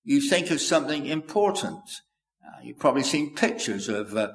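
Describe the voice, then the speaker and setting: A man preaching a sermon in a measured, earnest way, quoting scripture aloud. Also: mid-range voice, sing-song. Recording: echoey hall with long reverb.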